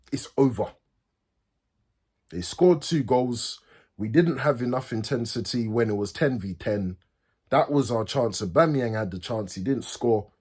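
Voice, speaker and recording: A man, a football fan host, ranting furiously, swearing and repeating himself, his voice swinging from high outbursts to low mutters. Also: breathy edge. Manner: pitch swings from loud highs to low mutters. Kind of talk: angry fan rant.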